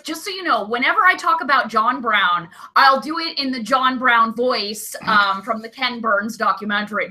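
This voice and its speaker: Animated, very bright-voiced woman. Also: sits high. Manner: animated, gleefully rants and bursts into loud exclamations. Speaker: co-host. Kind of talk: casual comedy podcast chat.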